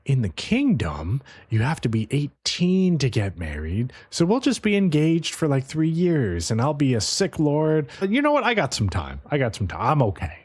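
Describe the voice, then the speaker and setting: A man's voice: on the high side, huge pitch swings, moderate pace, hardly any pauses, a little mellow, slightly rough, heavily acted. A man voicing an easygoing, simple-minded frontier lord in his thirties who talks casually and swears. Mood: laid-back. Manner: laid-back, casual, swearing.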